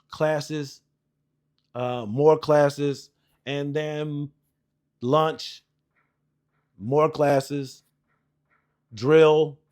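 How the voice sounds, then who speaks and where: A man in his forties, an Air Force veteran, telling service stories in a rambling, profane, casual way with lots of fillers. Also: fairly high pitch. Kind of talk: casual storytelling.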